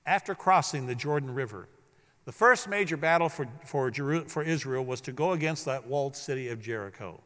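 A pastor preaches a sermon in an echoey hall, leading his congregation in call-and-response as they repeat lines back to him. His voice is medium-pitched, brisk, and a bit bright, with lively intonation.

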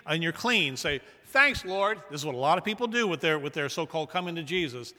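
A man preaching a sermon as a pastor, with emphatic delivery that swings from loud to hushed. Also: on the high side, very animated, brisk, hardly any pauses, long reverb tail.

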